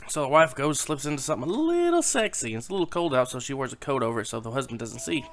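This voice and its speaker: A man telling a long, rambling dirty joke straight to camera in a loose, casual way. He swears freely and pauses to hush his little daughter, whom he holds on his lap at home. His voice sits at a plain, middling pitch. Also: very animated. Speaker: YouTube joke teller.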